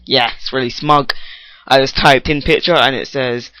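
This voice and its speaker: A man's voice: medium pitch, steady tone, normal speed, pushed and bright, no room sound. A teenage boy doing an improvised comic rant while testing his microphone, rambling and goofy, often cutting himself off. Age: teens. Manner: rambling, goofy, self-interrupting. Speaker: vlogger. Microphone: testing a new microphone.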